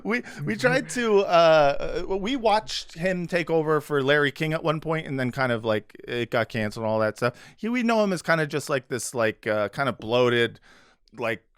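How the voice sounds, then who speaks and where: A man hosting a comedy podcast, talking loosely with lots of "like" and "uh." His voice is smooth and clear, a bit high for a man. The sound is dry and close. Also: expressive, moderate pace, no echo. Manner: loose, joking, filler-heavy. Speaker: podcast host. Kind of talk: casual comedic chat.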